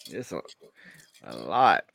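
A man co-hosting a podcast in relaxed casual chat, laid-back with easy laughter. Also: rumbling low, slow pace, gravelly. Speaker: podcast co-host.

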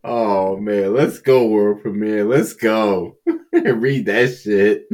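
A man co-hosting a podcast in casual banter, cursing freely, with loud exclamations and frequent laughs. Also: fairly low pitch, slow. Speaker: podcast co-host.

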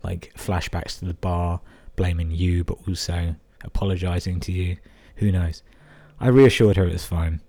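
Deep-voiced, sweary podcaster. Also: male voice, fairly even intonation, normal speed, hardly any pauses, mellow. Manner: crude, sweary, amused interjections. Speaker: podcast host. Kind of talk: reading listener emails with commentary.

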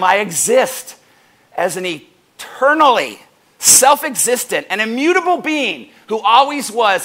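Lively, high-voiced preaching man. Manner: animated, swings up and down in pitch and loudness; jokey, acts out doorstep conversations in little voices. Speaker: pastor. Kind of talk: sermon. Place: church service.

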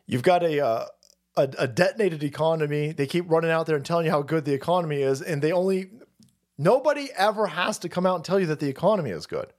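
A male streamer rants in a sarcastic, foul-mouthed way. His voice sits a little high and leaps all over the place. He sounds loose and animated throughout. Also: fast. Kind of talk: profane political rant stream.

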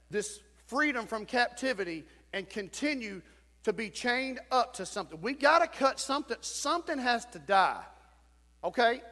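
A man's voice: extremely high pitch, bright, forceful tone. A male pastor delivering an emphatic sermon, repeating phrases and acting out quotes. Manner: emphatic preaching with repetition, acted-out quotes. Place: church sanctuary. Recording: long church reverb.

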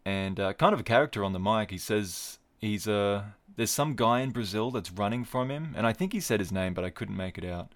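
Male podcast host, lower voice, dry jokey tangents while he runs through results. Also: animated, fairly quick, few pauses. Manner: wry, digressive, jokey asides. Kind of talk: casual solo podcast commentary.

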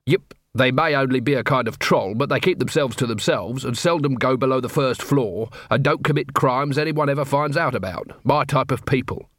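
A man's voice: medium pitch, moderate pace, few pauses, a bit bright, no echo, natural voice. A man voicing a dry, world-weary middle-aged watch captain in an audiobook.

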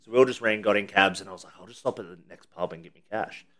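A man's voice: on the low side, racing, a bit bright. An Australian man chatting casually on a podcast, telling stories and acting out the people in them. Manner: laid-back, swears, acts out quoted lines. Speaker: podcast co-host. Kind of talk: casual chat, storytelling.

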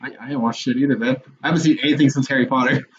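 A young man co-hosting a podcast in casual chat, animated and swearing a lot, laughing often. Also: medium pitch, racing. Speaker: podcast co-host. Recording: muffled lo-fi audio with faint noise.

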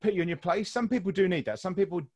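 A man's voice: sits high, rapid-fire, a little mellow, no echo, dull audio. A British man hosting a podcast, talking frankly and swearing freely, often laughing at his own jokes. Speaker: podcast host. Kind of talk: casual podcast chat.

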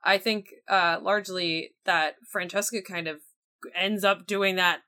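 A woman co-hosting a casual chat, rambling and animated, with many fillers. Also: mid-range voice, unhurried. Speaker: podcast co-host.

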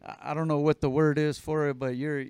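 A man's voice: on the high side, little pitch movement, fairly quick, darkish tone, clean tone, dry recording. A man hosting a podcast, asking long rambling questions in a laid-back, profane way. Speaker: podcast host. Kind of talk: casual podcast interview.

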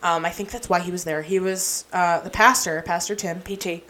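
A woman's voice: fairly low pitch, steady tone, fairly quick, pushed and bright. A young woman co-hosting a podcast, telling a long story in a rambling, casual way full of "like" and "um". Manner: rambling, filler-heavy storytelling with lots of "like". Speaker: podcast co-host.

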